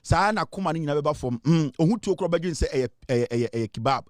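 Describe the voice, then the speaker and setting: A middle-aged Ghanaian man hosts a live online show with a fairly high voice. He tells stories in a lively way, switching between Twi and English and laughing often. The sound is dry and close. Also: fairly quick, no echo. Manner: animated storyteller who mixes Twi and English and laughs often. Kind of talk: lively livestream commentary.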